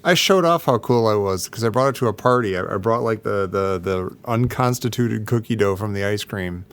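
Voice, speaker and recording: A man's voice: on the low side, normal speed, a bit bright, smooth. A man in his thirties co-hosting a podcast, talking in a dry, self-deprecating way. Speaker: podcast co-host. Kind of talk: casual chat.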